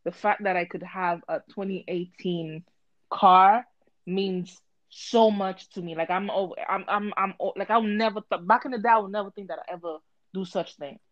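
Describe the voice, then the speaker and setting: A woman telling a story in casual chat, animated and swearing, acting out both sides with a voice she calls harsh. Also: mid-range voice, normal speed, dry recording, lo-fi sound. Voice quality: harsh-sounding voice.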